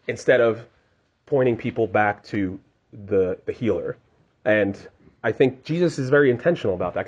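A man's voice: mid-range voice, a little mellow, husky, lo-fi sound. A man giving casual devotional teaching as a preacher, earnest and conversational, often restarting his sentences.

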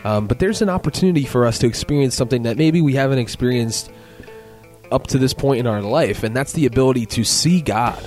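A man's voice: medium pitch, expressive, brisk, a little mellow, soft background music. A man co-hosting a faith radio show in casual, rambling talk, full of asides and jokes. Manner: rambling, joking, lots of "you know".

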